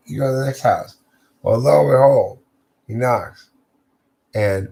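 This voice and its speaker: Drowsy rambling man with a gravelly voice. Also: low voice, darkish tone. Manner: meandering, drowsy, loses the thread. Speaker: storyteller. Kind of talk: improvised rambling storytelling.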